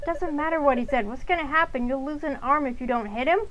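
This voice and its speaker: A woman's voice: sits high, fast talker, muffled recording, slight background noise, voice pushed up. Woman reading a volatile bullying dad. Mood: angry. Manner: scolding, shouting, berating. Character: angry volatile middle-aged father, bullying.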